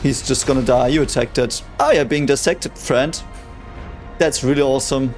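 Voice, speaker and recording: A young man reacting to a sci-fi series episode in casual commentary, excitable and swearing a lot. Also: medium pitch, moderate pace, soft background music. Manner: excitable, swears a lot, talks over the show. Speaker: reaction video host.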